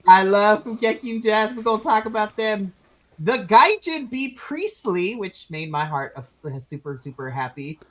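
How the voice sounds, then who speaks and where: A woman's voice: medium pitch, animated, normal speed, poor audio. A woman hosting a casual wrestling recap, gushing over favorites and laughing often. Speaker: podcast host.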